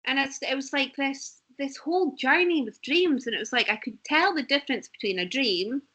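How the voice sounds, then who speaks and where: A woman's voice: sits high, normal speed, bright, forceful tone. A woman, a guest in a casual chat, telling stories animatedly and laughing often.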